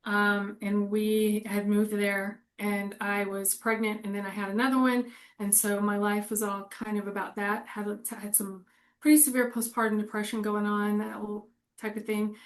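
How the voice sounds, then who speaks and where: A woman's voice: mid-range voice, level tone, normal speed. A woman in her forties chatting casually and candidly, rambling and laughing often. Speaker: co-host. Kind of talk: casual chat.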